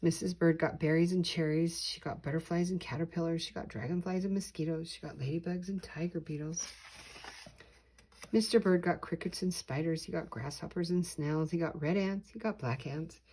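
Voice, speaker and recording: An older woman reads a children's picture book aloud, slow and deliberate with lively emphasis. Her voice is low for a woman and slightly husky. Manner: slow, deliberate, expressive reading. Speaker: storyteller.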